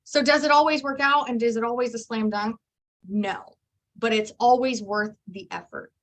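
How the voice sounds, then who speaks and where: A woman real estate agent telling lively stories and acting out her conversations in a training session. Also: fairly high pitch, moderate pace. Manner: animated storyteller, acts out dialogue.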